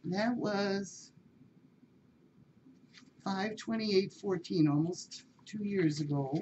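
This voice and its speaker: A woman's voice: medium pitch, very slow, dark tone. A woman reading an animal story aloud in a chatty way, speaking directly to her listeners. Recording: dull lo-fi with faint hiss.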